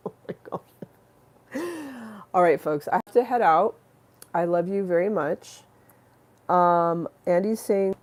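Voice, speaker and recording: A woman's voice: on the low side, slow pace, long pauses, darkish tone. A young woman hosting a casual livestream, chatting to her viewers in a rambling, affectionate way with many fillers and restarts. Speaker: livestream host.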